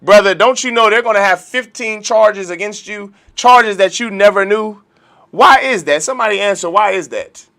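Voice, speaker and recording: A man's voice: high voice, moderate pace, bright, forceful tone. A man teaching a religious law class, preaching emphatically and firing off rhetorical questions. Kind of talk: lecture-style sermon.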